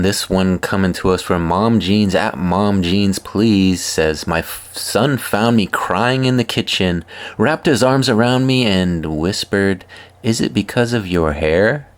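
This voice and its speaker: A man hosting a comedy video, reading funny posts aloud with wry, deadpan asides. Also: low-pitched. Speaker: host reading viewer posts.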